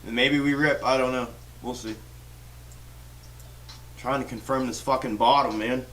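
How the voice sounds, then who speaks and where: A man's voice: mid-range voice, fairly even intonation, normal speed, fairly bright tone, recorded from a distance, slight background noise. A man hosting a stock trading livestream, ranting in a fired-up, profane way with lots of restarts. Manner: fired-up, swears constantly, rambling restarts. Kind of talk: profane live-stream rant.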